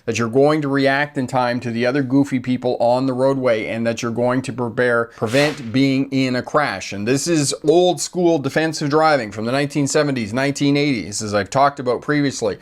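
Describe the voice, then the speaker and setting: A man's voice: mid-range voice, moderate pace, few pauses. An older man, a driving instructor, giving an emphatic lesson to camera, repeating key phrases with folksy asides.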